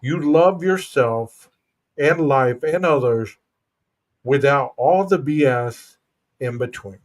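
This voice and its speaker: A man's voice: mid-range voice, slow. Guy hosting a live chat stream, earnest and thoughtful, keeps saying bro. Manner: earnest, reflective, says "bro" and "you know". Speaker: podcast host. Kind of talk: casual livestream chat.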